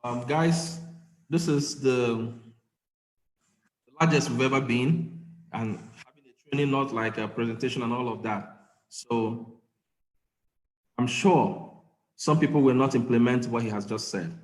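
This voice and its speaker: A man's voice: mid-range voice, measured pace, pauses often. Man hosting an online meeting from an echoey room. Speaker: meeting host. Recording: echoey room with faint noise.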